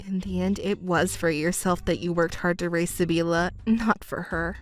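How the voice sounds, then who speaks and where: A woman voicing a cool-headed young stepdaughter who speaks calmly and coldly in a texting story. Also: lowish voice, normal speed, faint music behind, pitched below the performer's own voice, lightly acted. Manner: calm, cold and matter-of-fact.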